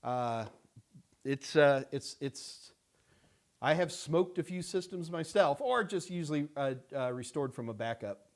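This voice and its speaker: A middle-aged man hosts a casual live-stream question-and-answer session from a studio. His voice sits a little high for a man. He talks in a loose, rambling way, full of fillers and restarts. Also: animated, a little slow. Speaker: host answering viewer questions.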